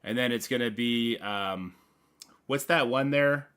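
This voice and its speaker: A man hosting a casual gaming livestream, rambling playfully with sudden loud bursts and mumbled asides. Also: medium pitch, measured pace, smooth.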